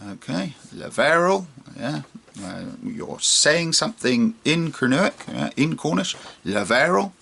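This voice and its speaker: A man's voice: fairly high pitch, very animated, unhurried, creaky, a bit bright, husky. A man teaching a casual online language lesson, repeating words and checking in with "okay?" after each one. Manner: chatty and informal, with many fillers.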